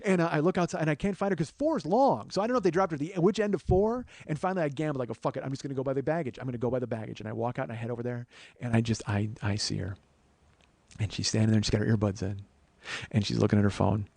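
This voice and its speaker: A man's voice: mid-range voice, racing, gravelly, no room sound. Guy in his 40s hosting a podcast, tells a long funny story, acts out every voice, swears a lot, very dry sound. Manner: animated, acts out both sides of conversations; swears casually, frequent restarts. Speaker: podcast host. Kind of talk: solo comedic storytelling.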